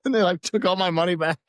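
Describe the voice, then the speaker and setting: Animated, laughing veteran storyteller, man. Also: high-pitched, a little fast, no echo, studio quality. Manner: lively anecdotes with frequent laughter and acted-out quotes. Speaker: podcast guest, Army veteran. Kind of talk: casual storytelling.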